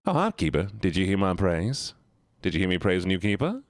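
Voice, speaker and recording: A man's voice: low voice, very animated, brisk, no echo, studio quality. A male live streamer chatting playfully with his viewers, pleading and teasing. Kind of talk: casual chat with viewers.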